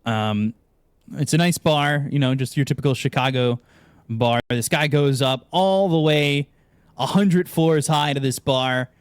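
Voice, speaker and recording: A man's voice: unhurried, clean tone, dry recording, clean studio sound. A man co-casting an esports stream, chatting casually and telling long jokes with acted-out voices. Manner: animated, acts out joke characters with pitch jumps. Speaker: esports co-caster.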